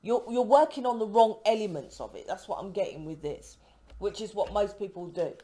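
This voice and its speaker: This UK tarot reader has a warm, expressive mid-range voice and talks a little fast. Reading casually to camera, she rambles emphatically, cuts off mid-word, and keeps asking "right?" to get agreement.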